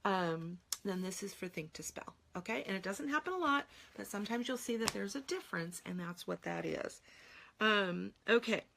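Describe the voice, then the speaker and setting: A woman's voice: medium pitch, expressive, normal speed, vocal fry, fairly bright tone, slight background noise. A middle-aged woman teaching spelling in a live online Q&A, explaining patiently and sounding words out syllable by syllable. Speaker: spelling trainer.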